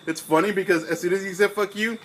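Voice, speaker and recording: A young man, co-hosting a casual podcast over beers, telling a profane story and acting out his own angry shouting. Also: high-pitched, steady tone, rapid-fire, a little hiss or hum, rough recording. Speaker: podcast co-host.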